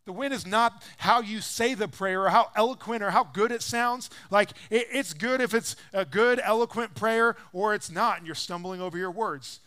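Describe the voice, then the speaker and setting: A man in his thirties, a pastor giving a casual, conversational sermon, animated and acting out quotes as he tells stories. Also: moderate pace, hardly any pauses, clear, resonant tone. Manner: animated storyteller, acts out quotes with rising pitch and volume.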